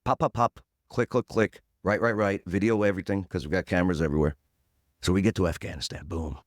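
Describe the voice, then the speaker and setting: A man in his forties, appearing as a podcast guest, tells a punchy story at a quick clip, acting out other people's voices and sprinkling in "boom." The recording is dry and studio-clean.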